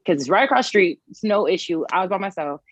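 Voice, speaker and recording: A woman's voice: fairly low pitch, fast talker. Young woman, casual panel chat, lots of filler words, muffled tone, no room echo. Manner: animated storytelling, many "like" fillers. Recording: slightly dull, dry sound.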